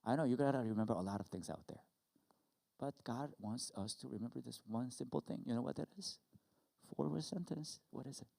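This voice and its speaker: A middle-aged man preaching a sermon, who tells stories with animation and acts out scenes loudly. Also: medium pitch, lively intonation, fairly quick, gravelly, long reverb tail. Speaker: pastor. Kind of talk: sermon with personal story.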